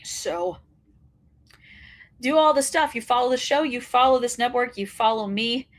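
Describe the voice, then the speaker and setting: A woman's voice: fairly high pitch, moderate pace. Fired-up woman ranting about wrestling. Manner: fired-up ranting, blunt and profane. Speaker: wrestling show host. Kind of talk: solo commentary show.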